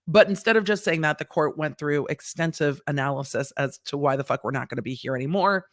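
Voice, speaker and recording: A woman's voice: deep voice, quick pace, hardly any pauses, no echo, studio quality. A woman lawyer hosting a casual legal commentary, reading court papers and acting out the judge's lines with sass. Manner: animated, sassy, acts out the court's lines in quotes.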